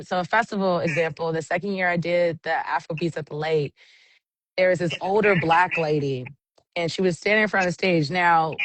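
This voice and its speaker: Speaking in a lowish voice against slight background noise, this woman is an event MC being interviewed. She's an animated storyteller who acts out the voices of anyone she quotes while chatting casually.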